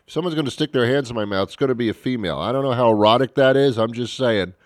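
A man's voice: mid-range voice, fast talker, no room sound, clean studio sound. A man hosting a radio talk show, rambling and joking at his own expense. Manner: rambling, self-mocking, jokey. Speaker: radio host. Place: radio studio.

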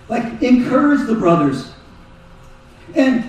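A man preaching a sermon in a lively, animated way. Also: high voice, normal speed. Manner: animated preaching, voices Jesus and Peter in quotes. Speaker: pastor. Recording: echoey hall, mic far off.

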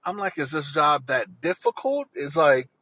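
A man's voice: on the high side, very animated, moderate pace, bright, forceful tone, dry recording, rough recording. A man telling a personal story in an earnest, rambling way, often repeating himself.

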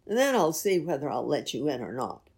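A woman voicing a gruff, suspicious male wizard in a storybook, speaking loudly and bluntly. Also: sits low, very animated, a little fast, exaggerated voice.

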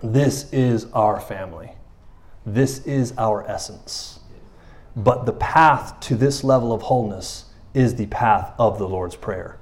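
A man preaching in a loose, conversational way, often checking in with his listeners and dropping to a quiet voice for emphasis. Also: lowish voice, takes it slowly. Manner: conversational, often asks 'you know what I'm saying', drops soft for emphasis. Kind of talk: informal sermon.

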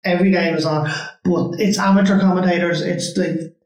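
A man from Cork talks with a high-pitched voice in a relaxed podcast chat. He is chatty and self-deprecating and fills his talk with "like" and "you know". His voice carries an echoey room sound. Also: brisk. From Cork, Ireland. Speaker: podcast co-host. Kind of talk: casual chat.

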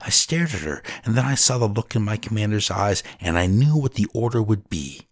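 A man narrating a dramatic first-person story in a solemn, deliberate way, at times dropping to a whisper. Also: fairly low pitch, very animated, dry recording, studio quality.

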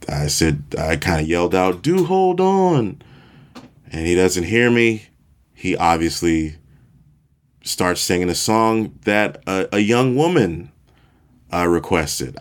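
Deep, slow-talking male podcast host. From Chicago, USA. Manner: relaxed, self-deprecating storyteller, chuckles at himself. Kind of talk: casual storytelling monologue.

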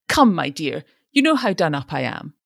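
A man's voice: fairly high pitch, very animated, moderate pace, vocal fry, a bit bright, no room sound, clean studio sound, exaggerated voice. A woman playing a pompous fussy old ironmonger. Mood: lofty, fussy. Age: older. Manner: lofty, fussy, self-pitying. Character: fussy pompous retired ironmonger, older man.

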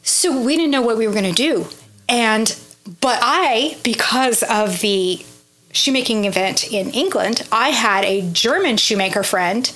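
A woman's voice: a little high, animated, a little slow, fairly bright tone. A woman from Oklahoma, a bootmaker, telling her stories earnestly and with enthusiasm as a guest. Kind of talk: conversational interview.

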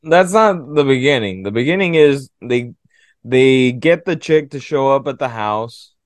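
A man's voice: medium pitch, animated, unhurried, no room sound. Blunt man on a dry mic. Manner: blunt and crude. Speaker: podcast co-host. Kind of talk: casual movie chat.

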